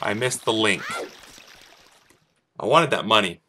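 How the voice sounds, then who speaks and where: A man's voice: lowish voice, animated, measured pace, pushed and bright, a little hiss or hum. A man casually commenting on his gameplay, playful and jokey, talking back to the game's characters. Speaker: let's play host. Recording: faint game music behind.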